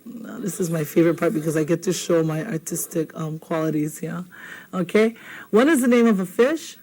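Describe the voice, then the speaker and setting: A woman from Hawaii with a Hawaiian accent leads a televised language lesson. She is patient and playful, repeating each word slowly and asking "okay?" often. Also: fairly low pitch, dark tone, poor audio. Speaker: language teacher.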